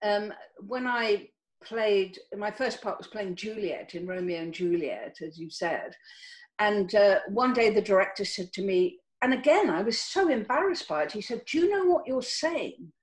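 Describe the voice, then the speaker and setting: An older actress from Cornwall, talking casually on a video call and telling stories with many restarts. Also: female voice, normal speed, low-quality recording. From Cornwall, England. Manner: warm storytelling with lively pitch, many restarts. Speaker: actress guest.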